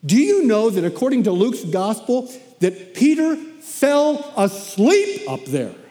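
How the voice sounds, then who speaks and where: A man preaching a sermon as animated storytelling, often repeating himself as he goes. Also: very high voice, slow, in a large hall.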